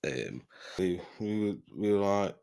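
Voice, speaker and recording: A man's voice: low voice, lively intonation, measured pace, creaky, darkish tone, clean tone. A man telling a rambling, sweary story in casual podcast chat, often breaking into laughter. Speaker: podcast host.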